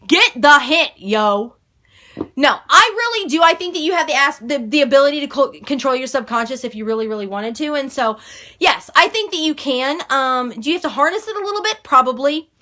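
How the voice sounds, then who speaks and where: A young adult woman vlogging casually to camera, loud and bubbly, with playful swearing. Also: high-pitched, expressive, a little fast.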